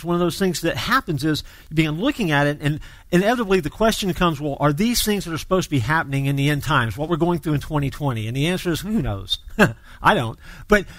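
A man's voice: fairly high pitch, no echo. Chatty man leading Bible study. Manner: relaxed, with frequent fillers. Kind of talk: conversational sermon.

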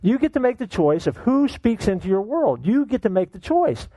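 High, lively-voiced preaching man. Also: normal speed, no room sound, poor audio. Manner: animated, joking, full of rhetorical questions. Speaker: pastor. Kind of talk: sermon.

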